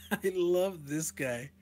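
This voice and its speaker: A man casually reviewing a comic page by page, chuckling often and correcting himself in rambling asides. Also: a little high. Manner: chuckles often and reads panel text aloud.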